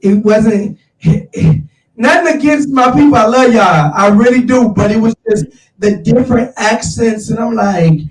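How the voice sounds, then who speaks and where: High-voiced animated man, roomy and off-mic. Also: measured pace, distant mic, a little hiss or hum. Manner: animated, slangy, addresses listeners as y'all. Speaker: show host. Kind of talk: casual chat.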